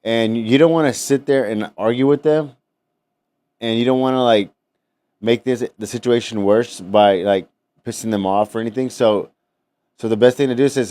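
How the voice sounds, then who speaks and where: A man's voice: medium pitch, normal speed, dark tone, no room sound. A man hosting a casual podcast, rambling with many fillers and restarts. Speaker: podcast host.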